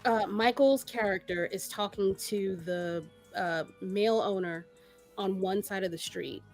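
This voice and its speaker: A woman co-hosting a casual podcast, talking in an animated way with laughs and many restarts. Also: medium pitch, unhurried, soft background music. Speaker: podcast co-host. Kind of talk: casual chat.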